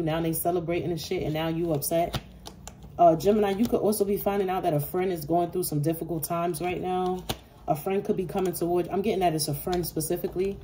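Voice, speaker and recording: A woman's voice: fairly low pitch, mellow, slight background noise. A woman giving a casual tarot reading to her viewers, talking bluntly and swearing freely. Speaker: tarot reader.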